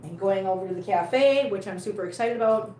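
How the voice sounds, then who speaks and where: A woman's voice: medium pitch, a little fast, mellow, roomy sound, slight background noise, low-quality recording. A woman chatting casually on a live stream from home, laughing often and cooing at her cats. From Missouri, USA. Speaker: cat vlogger.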